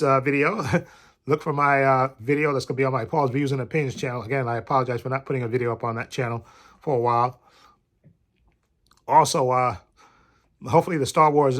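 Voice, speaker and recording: A man's voice: medium pitch, a bit bright. A man with a cold, rambling casually in a vlog from bed and often repeating himself. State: recovering from a cold. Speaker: vlogger.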